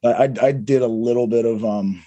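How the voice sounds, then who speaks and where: A man interviewing a guest casually, talking in halting phrases full of restarts. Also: medium pitch, steady tone, mellow, muffled recording. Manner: halting, lots of fillers and restarts.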